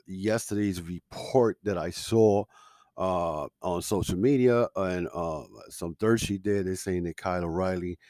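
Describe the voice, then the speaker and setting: Heated, low-voiced male podcast host. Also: darkish tone, no room sound. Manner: heated, opinionated ranting with frequent fillers. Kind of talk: casual podcast commentary.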